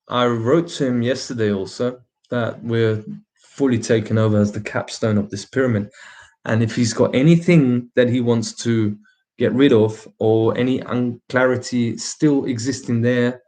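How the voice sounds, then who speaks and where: A man's voice: mid-range voice, fairly even intonation, a little slow, a little mellow. A man co-hosting a spiritual channel, telling a story in an emphatic, scornful way in casual talk. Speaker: channel co-host.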